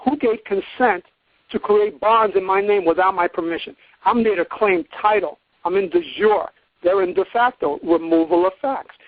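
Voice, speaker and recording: High-voiced man lecturing over a phone line. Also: moderate pace, no echo. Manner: emphatic, lecturing, acts out courtroom quotes. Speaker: guest teacher on a call-in program. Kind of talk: call-in lecture. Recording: tinny dry phone line.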